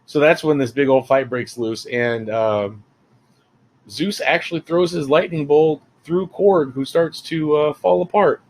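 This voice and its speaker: A man's voice: fairly high pitch, measured pace, darkish tone, poor audio. A man giving a casual, rambling spoiler review of a film, full of fillers and asides. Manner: rambling, chatty, many fillers.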